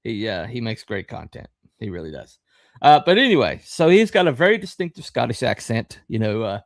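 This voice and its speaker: A man's voice: fairly low pitch, sing-song, dry recording. Dry, rambling middle-aged man. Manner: rambling, halting, with frequent fillers and restarts; wry and sarcastic. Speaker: podcast host. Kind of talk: casual live-stream commentary.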